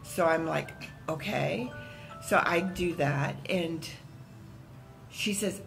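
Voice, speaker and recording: A woman at a church round table, telling a story in a casual, animated way and acting out the voices in it. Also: deep voice, takes it slowly, creaky, long pauses, soft background music, poor audio. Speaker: church member.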